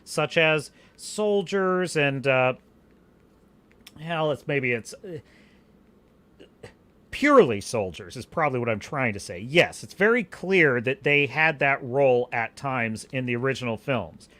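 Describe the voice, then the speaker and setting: A man's voice: mid-range voice, expressive, measured pace, pushed and bright. A male podcast host ranting passionately on a livestream, emphatic and full of restarts. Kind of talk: livestream commentary rant.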